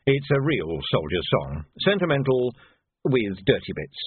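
A tired, shrewd watch commander read by a male narrator, giving dry, clipped orders in a husky voice. The sound is thin and phone-like with no room echo. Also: mid-range voice, big pitch swings, unhurried. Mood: reflective. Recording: tinny phone-like band.

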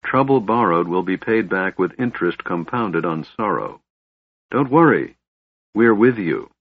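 A man voicing a gentle, steady half-elf who speaks in a reassuring way in an audiobook. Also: sits low, a little slow, dry recording, phone-quality sound, exaggerated voice.

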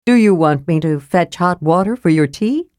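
A woman gives voice to an honest young male warrior with simple, earnest speech and a worried edge. Her voice sits low. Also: expressive, normal speed, darkish tone, dry recording, clean studio sound, natural voice.

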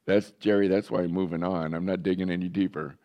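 A man's voice: deep voice, fairly even intonation, fast, dark tone. A man in his seventies, a pastor, telling his own story in a candid, joking sermon. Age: 70s. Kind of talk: personal testimony sermon.

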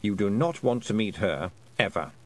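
A man's voice: expressive, moderate pace, close to an everyday voice. A man voicing a dry, knowing male talking toad who murmurs wry asides. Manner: low, confiding, wry. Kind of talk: audiobook character voice.

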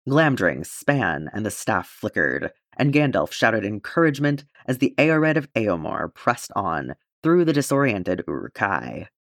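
A man reading a fan-fiction audiobook aloud in an expressive storytelling manner. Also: fairly low pitch, measured pace, creaky, hardly any pauses, dry recording, clean studio sound. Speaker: audiobook reader.

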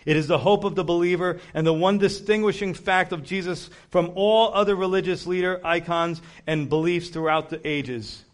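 A man preaching an earnest, urgent evangelistic sermon. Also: on the high side.

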